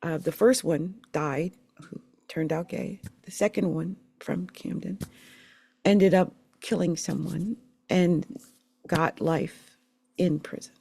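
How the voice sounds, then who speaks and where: A middle-aged woman from the Philadelphia area telling her life story in a candid, emotional, rambling way, with halting restarts. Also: on the low side, vocal fry, dark tone, slightly rough, no room sound. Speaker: channel host sharing her life story. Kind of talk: personal storytelling monologue.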